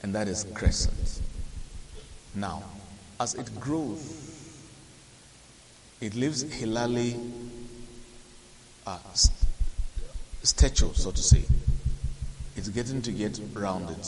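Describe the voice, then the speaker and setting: A man teaching a Quran and Arabic grammar lesson, explaining slowly, quizzing his listeners and chanting the Arabic verses. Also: on the low side, a little mellow. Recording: hissy recording with long reverb.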